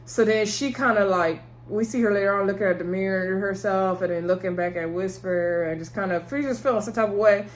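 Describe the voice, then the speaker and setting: A woman's voice: medium pitch, a little fast, hardly any pauses, slight background noise. A woman giving a casual TV episode recap from a table, talking with her hands, chatty, retelling scenes and calling viewers y'all. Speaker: TV episode reviewer. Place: indoors at a table.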